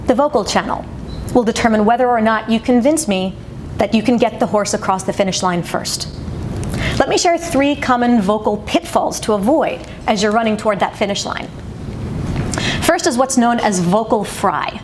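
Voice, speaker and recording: A woman coaches her listeners in a clear, demonstrative way, her voice sitting fairly high. A steady noise runs under the recording. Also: normal speed. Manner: clear, demonstrative teaching delivery. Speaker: communication coach. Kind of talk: instructional talk.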